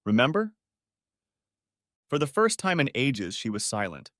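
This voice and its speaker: A man's voice: mid-range voice, huge pitch swings, moderate pace, pushed and bright, no room sound, clean studio sound. A man narrating a reflective, emotional first-person audiobook story.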